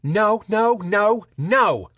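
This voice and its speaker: A man voicing a panicked female soldier who screams in a shrill pitch. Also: lively intonation, very slow, fairly bright tone, no echo, clean studio sound, heavily acted.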